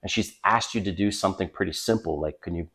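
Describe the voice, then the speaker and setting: An older man with a slightly low voice, talking straight to camera as a dating advice vlogger. He is blunt and opinionated and leans hard on his points. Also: fast talker, a bit bright. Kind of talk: casual advice monologue to camera.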